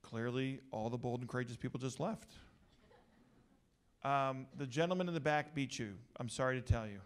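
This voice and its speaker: A middle-aged male pastor giving an energetic, joking talk to a youth gathering. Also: medium pitch, moderate pace, smooth.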